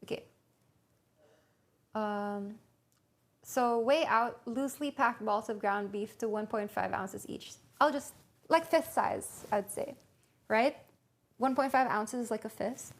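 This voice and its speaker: Slow-talking woman streaming from her kitchen. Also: fairly high pitch. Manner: thinks aloud while reading a recipe to viewers. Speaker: livestreamer. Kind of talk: casual cooking stream chat. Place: home kitchen.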